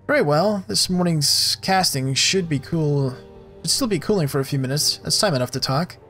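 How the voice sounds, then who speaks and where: A polished, well-mannered rigger with a faint Russian accent, his courtesy edged with quiet menace, as a man voices him. The delivery is smooth and measured, pitched a little high. Faint music plays underneath. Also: expressive. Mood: polite.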